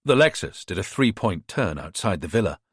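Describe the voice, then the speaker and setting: A man narrating a thriller audiobook in a measured, expressive reading. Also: deep voice, slightly rough, no echo, clean studio sound.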